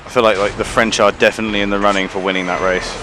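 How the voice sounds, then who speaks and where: A man's voice: on the low side, level tone, racing, over music. A man streaming a game in casual chat, rambling and swearing casually.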